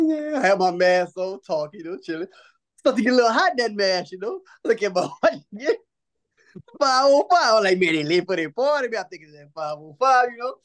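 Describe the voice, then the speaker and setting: A man hosting a podcast, telling a long story in casual chat. He laughs often, swears and jokes freely, and acts out other people's lines in changed voices. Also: extremely high pitch. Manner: animated, laughing often through his story; profane and joking. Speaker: podcast host.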